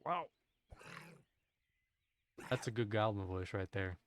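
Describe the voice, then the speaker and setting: A man's voice: medium pitch, expressive, unhurried, smooth, no room sound. A man streaming a game, chatting casually to his viewers, musing aloud in a rambling way and often cutting himself off mid-thought. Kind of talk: casual live-stream chat while gaming.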